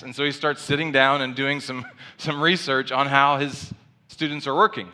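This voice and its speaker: A man delivering a sermon with a bright, forward tone. He talks conversationally, animated and full of asides, as if chatting with his congregation. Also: mid-range voice, fairly quick. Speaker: pastor.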